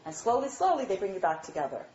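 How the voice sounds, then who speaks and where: A woman giving a lively, chatty lecture on marriage, often checking in with her audience. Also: medium pitch, fast, a little hiss or hum. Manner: animated, chatty, asks "all right?" often. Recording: dull, roomy hall recording.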